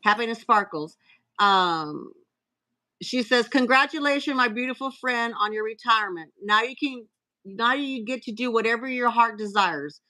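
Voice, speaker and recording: A woman hosting a casual live stream, reading out cards and messages in a chatty way with filler pauses. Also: a little high, bright, forceful tone, low-quality recording.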